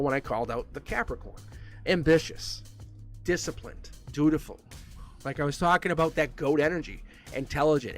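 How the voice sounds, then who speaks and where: A man's voice: fairly high pitch, fairly bright tone. A middle-aged man giving a live-stream tarot reading, chatty and upbeat, rambling with fillers and laughs. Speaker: tarot reader.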